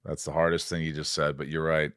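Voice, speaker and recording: A middle-aged man hosting a casual chat, excitable and swearing freely. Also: rumbling low, quick pace, smooth, dry recording, studio quality. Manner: excitable and heavily profane. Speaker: podcast host.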